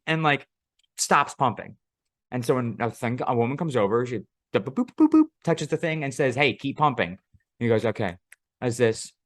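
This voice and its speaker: A man co-hosting a podcast tells a long story in relaxed conversation, rambling, cursing, and laughing a lot. His voice is medium-pitched with a fairly bright tone, and the studio-quality recording has no room sound.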